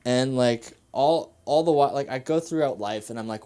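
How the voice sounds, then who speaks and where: A man's voice: medium pitch, warm tone, smooth. Nervous rambling young man doing stand-up. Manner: rambling, halting, many fillers and restarts. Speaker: stand-up comedian. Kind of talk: open-mic stand-up. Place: comedy club stage.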